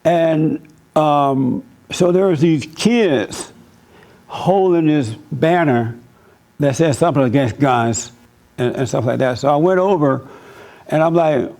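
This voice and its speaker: A man giving a church talk as pastor, telling stories in an animated, preachy way. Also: fairly high pitch, a little slow.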